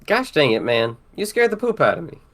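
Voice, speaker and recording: A worn-out young dock worker brushing off a friend, read by a male podcaster. Plain and weary, with lively swings in pitch. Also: a little fast.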